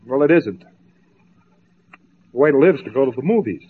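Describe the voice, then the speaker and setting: A man's voice: medium pitch, expressive, a little fast, breathy edge. A man giving a spoken lecture, mocking and sarcastic as he tells stories to make his point. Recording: tinny narrow-band old tape.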